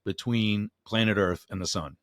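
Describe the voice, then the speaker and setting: Male podcast co-host, low-pitched, blunt and emphatic, dry close sound. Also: normal speed, no room sound. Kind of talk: casual conversation.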